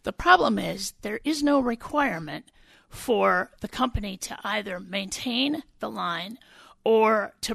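A woman state senator from Wisconsin, answering radio interview questions in an earnest, deliberate, explanatory way. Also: medium pitch, vocal fry, fairly bright tone, slightly rough, dry recording.

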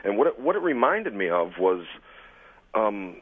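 Man, radio caller, low voice, indignant rambling, tinny phone line. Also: very animated, measured pace. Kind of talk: call-in comment.

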